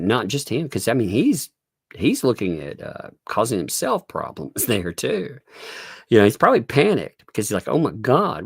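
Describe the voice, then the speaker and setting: Sarcastic gravelly man, swinging pitch. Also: no room sound, studio quality. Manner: sarcastic, laughing often, swearing, pitch swinging widely. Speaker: commentary livestream host. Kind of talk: casual live commentary on a court case.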